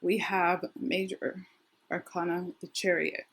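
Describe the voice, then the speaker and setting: Middle-aged female tarot reader, low husky worn voice, chatty and rambling. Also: flat delivery, slow pace. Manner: chatty, thinks aloud, frequent restarts. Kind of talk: casual tarot reading to camera.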